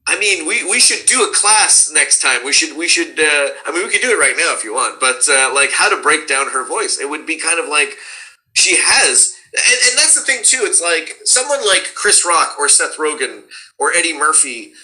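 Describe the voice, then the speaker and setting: Animated bright-voiced man talking shop. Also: fairly high pitch, moderate pace, low-quality recording. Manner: animated, slips into character voices. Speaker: cartoon voice actor. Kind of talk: casual chat.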